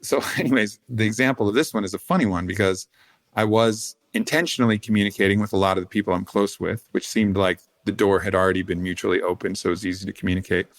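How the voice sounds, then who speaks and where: A man with a low voice tells a rambling, casual story as a podcast guest. He drifts through fillers and restarts, drops swear words freely, and chuckles between thoughts. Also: steady tone, fast. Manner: rambling, swearing, laughing asides.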